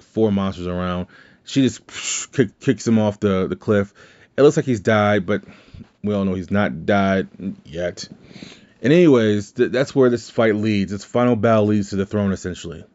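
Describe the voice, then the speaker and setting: A man with a lowish voice recaps a movie in a loose, rambling way, dropping in quoted lines as he goes. The recording sounds dull and lo-fi. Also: moderate pace, darkish tone. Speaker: podcast host.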